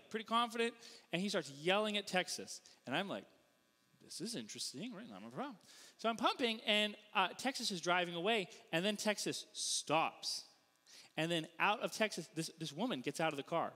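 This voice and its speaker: A man from the Northeastern US preaching a sermon as a pastor, telling stories with animated, self-deprecating humor in a church sanctuary. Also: high-pitched, normal speed, long reverb tail. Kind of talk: storytelling sermon.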